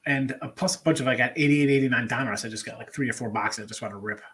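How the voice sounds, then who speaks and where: A man's voice: mid-range voice, quick pace, fairly bright tone. A middle-aged man hosting a live sports betting show, chatting loosely with viewers and rambling as he thinks aloud. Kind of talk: casual live-stream chat.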